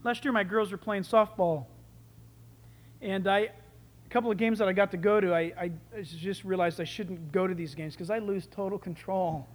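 A male preacher teaching from scripture with lively enthusiasm. He slows down to stress key phrases, then rushes ahead again, and his volume climbs and drops as he goes. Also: high-pitched, long reverb tail. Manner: animated and enthusiastic, with big swings in loudness. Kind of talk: sermon.

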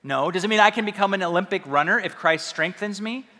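A man's voice: high-pitched, fast talker, bright, forceful tone. A male pastor preaching a sermon in a conversational, self-deprecating, humorous way, recorded in a church hall. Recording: reverberant hall sound.

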